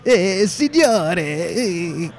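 A man voicing an overdone Italian-style restaurant waiter in a sing-song, drawn-out lilt. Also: sits high, big pitch swings, warm tone, faint music behind, voice pushed up. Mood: fawning.

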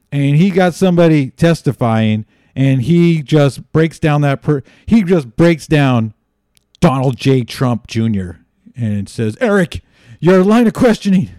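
A man's voice: mid-range voice, dark tone, no echo, studio quality. A man hosting a podcast, giving sarcastic political commentary and rambling with frequent restarts. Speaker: podcast host.

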